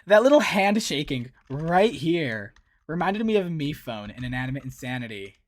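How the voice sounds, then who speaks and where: A man hosting a casual reaction video, chatty and excitable, laughing easily as he comments. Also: on the high side, normal speed, no echo.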